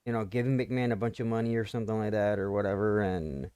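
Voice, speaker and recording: A man co-hosting a podcast, talking casually in a halting, rambling way with many restarts. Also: lowish voice, steady tone, dark tone, smooth, dry recording, studio quality. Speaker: podcast co-host. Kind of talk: casual wrestling chat.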